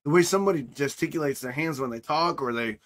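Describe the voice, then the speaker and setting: A middle-aged man co-hosting a podcast in casual chat, rambling and animated, acting out voices as he tells stories. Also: fairly high pitch, fast talker. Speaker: podcast co-host and streamer.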